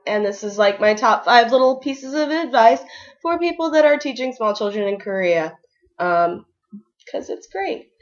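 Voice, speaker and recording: A woman's voice: a little high, highs cut off. A young woman teacher giving casual, upbeat advice in a vlog, full of ums and likes. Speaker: ESL kindergarten teacher.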